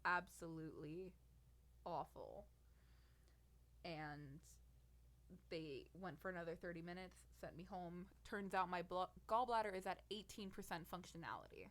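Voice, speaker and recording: A woman's voice: on the low side, normal speed, fairly bright tone. A nineteen-year-old woman telling a personal story on her podcast, venting in an exasperated, sarcastic way. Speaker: podcast host.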